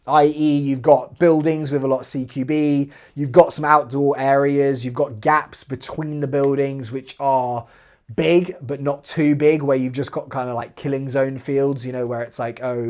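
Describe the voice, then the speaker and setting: Southern English man, light American lilt, relaxed live-stream host, mid-pitched, rambling chatter fading at line ends. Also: moderate pace. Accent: southern English with slight American inflection. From southwest London, England. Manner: chatty and rambling, trails off quietly at sentence ends. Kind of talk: casual live-stream Q&A, reading chat aloud.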